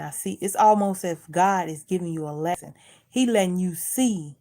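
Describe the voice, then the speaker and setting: A woman's voice: lowish voice, animated, moderate pace, vocal fry, mellow. A middle-aged woman vlogger in casual chat, earnestly preaching life advice and repeating herself.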